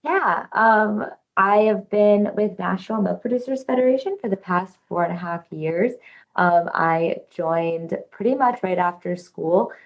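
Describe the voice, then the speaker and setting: A woman's voice: mid-range voice, a little slow, lo-fi sound. A woman in her twenties introducing herself on a panel in a casual way, with many ums.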